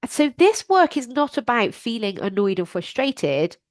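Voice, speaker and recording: A woman's voice: a little high, sing-song, a little slow, no room sound. A middle-aged woman talks straight to her listeners as a life coach on her podcast. Her manner is earnest and encouraging, plain and direct. The sound is close and dry, with no room around her. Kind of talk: solo podcast advice talk.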